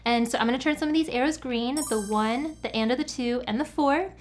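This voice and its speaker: A woman's voice: high-pitched, fairly quick. A woman teaching a beginner guitar lesson step by step, counting the beats aloud as she strums. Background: acoustic guitar playing.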